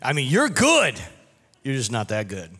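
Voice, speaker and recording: Man, pastor, sermon, bright forceful voice, chatty asides, long reverb of a church hall. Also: medium pitch, huge pitch swings, normal speed, breathy edge. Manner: conversational preaching with humorous asides.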